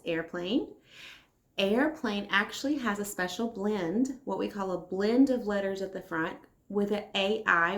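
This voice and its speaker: A woman leading a kindergarten circle time lesson, speaking slowly and encouragingly as she answers imagined children's replies. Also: mid-range voice, fairly bright tone, roomy sound. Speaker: kindergarten teacher.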